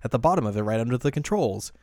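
A man's voice: medium pitch, animated, racing, mellow. A man co-hosting a casual chat, dry and teasing, often laughing. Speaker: podcast co-host.

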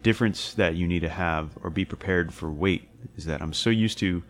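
A man's voice: low-pitched, normal speed. A young man telling a hiking story in casual chat, rambling and swearing, full of fillers and restarts. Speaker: podcast co-host recounting a hiking trip.

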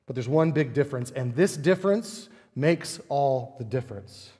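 A male pastor preaching a sermon, animated and emphatic, with many rhetorical questions. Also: mid-range voice, moderate pace, slightly rough, in a large hall.

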